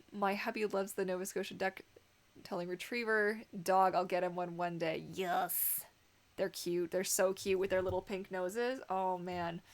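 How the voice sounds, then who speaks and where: A woman's voice: medium pitch, fairly bright tone. A young adult woman with a Canadian accent, hosting a casual livestream and chatting with viewers in a giggly way full of fillers. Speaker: livestream host. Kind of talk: casual livestream chat reading comments.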